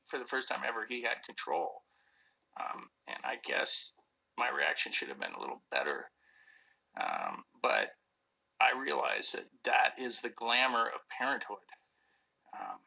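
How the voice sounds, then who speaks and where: A middle-aged actor chatting casually on a phone live stream, answering fan questions with lots of ums and restarts. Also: male voice, medium pitch, very animated, unhurried, creaky, bright, forceful tone, rough recording. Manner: rambling, many fillers and restarts.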